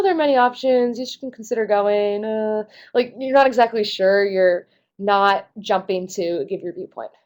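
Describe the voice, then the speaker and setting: A woman's voice: mid-range voice, a little mellow. A young woman, a test prep tutor, explaining answer choices in a casual, lightly self-mocking way.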